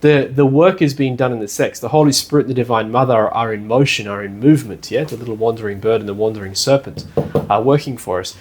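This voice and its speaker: A man teaching a class at a study centre in a relaxed, conversational way, often checking in with the room with "yeah?" and "you know". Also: mid-range voice, fast talker, noisy background. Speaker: lecturer at a spiritual study centre. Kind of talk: casual classroom lecture. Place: indoor classroom.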